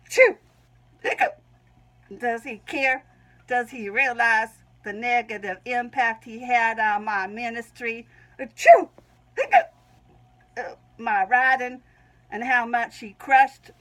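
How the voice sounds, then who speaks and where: A woman's voice: a little high, fairly bright tone, low-quality recording. A woman with a Southern US accent reads her own Christian writing aloud, often breaking off to sneeze and giggle. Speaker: Christian vlogger.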